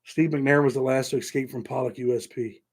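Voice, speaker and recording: A man's voice: medium pitch, fairly even intonation, fairly quick, a little mellow. A middle-aged man from New York with a Southern-tinged American accent, hosting a casual livestream and chatting loosely with viewers, thanking them by name. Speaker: host.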